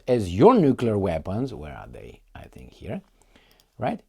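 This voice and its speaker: Sarcastic man with a lively, swooping voice. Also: low-pitched, a little fast, vocal fry, husky. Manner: sarcastic, mocking, animated. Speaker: political commentator. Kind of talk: casual commentary reading articles.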